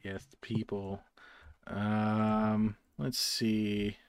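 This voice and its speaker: A man co-hosting a casual podcast, unhurried and joking, often trailing off as he decides. His speech is slow, and the recording is dry and close. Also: on the low side, completely flat delivery, smooth, no echo. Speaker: podcast co-host. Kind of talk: casual chat.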